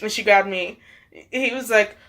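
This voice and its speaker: A woman's voice: mid-range voice, normal speed, a bit bright. A young woman vlogger telling a story in a chatty way, full of "like" and laughs. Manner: chatty, many fillers and laughs. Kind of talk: storytime vlog chat.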